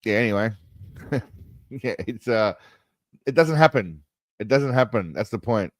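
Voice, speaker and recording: A man's voice: on the low side, lively intonation, unhurried, no room sound. A man hosting a stream, casually reacting to a film trailer in a mocking, rambling way. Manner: mocking, rambling, laughs at his own jokes.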